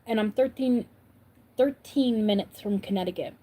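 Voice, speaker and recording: Mellow-voiced woman chatting on a livestream. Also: mid-range voice, moderate pace. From upstate New York. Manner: chatty, answers viewers' comments as she goes. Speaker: livestream host. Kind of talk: casual livestream chat.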